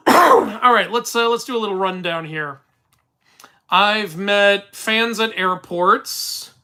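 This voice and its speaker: A man's voice: high voice, lively intonation, takes it slowly, pushed and bright, clear, resonant tone. A young man hosting a casual live-stream Q&A from his room, talking into a phone, rambling with restarts and laughing as he tells stories. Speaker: YouTube mythology channel host.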